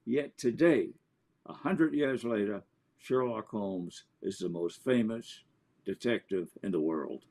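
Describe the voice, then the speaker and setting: Man, author, interview guest, animated storyteller, gravelly voice. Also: fairly low pitch, slow pace. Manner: animated, anecdotal.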